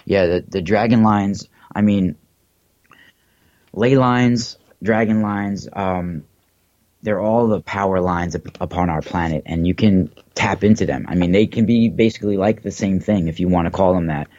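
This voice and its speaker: A man's voice: low voice, moderate pace, a little mellow, dry recording, highs cut off. A man hosting a livestream, talking in a rambling, hesitant way with many fillers and restarts. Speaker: livestream host. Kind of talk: casual livestream monologue.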